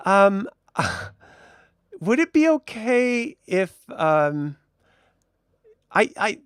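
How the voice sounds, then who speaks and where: A woman's voice: medium pitch, big pitch swings, very slow, smooth, dry recording, studio quality, pitched above the performer's own voice. A man voicing a cheerful, shy young woman shop assistant.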